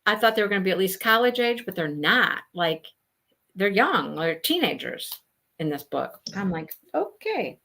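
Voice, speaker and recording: A woman chats casually about books on a live show, her pitch swinging up and down with a lot of life. She talks in a loose, friendly way and laughs easily. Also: normal speed. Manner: chatty, laughing, animated. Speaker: book discussion host.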